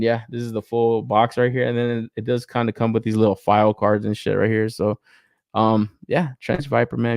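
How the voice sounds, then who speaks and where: A man hosting a casual toy-collecting podcast, talking loose and profane with lots of filler words. His voice is mid-pitched, and when he rants it jumps up high and he laughs a lot. The sound is dry and close, with no room echo. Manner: animated, swears a lot, laughs often, rants with rising pitch. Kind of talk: casual review chat.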